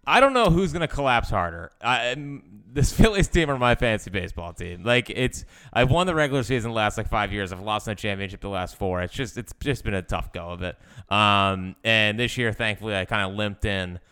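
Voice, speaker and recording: A man's voice: on the low side, animated, a little fast, few pauses, sharp tone, smooth. A young man co-hosting a sports podcast, rambling in casual chat and venting his frustration as a fan.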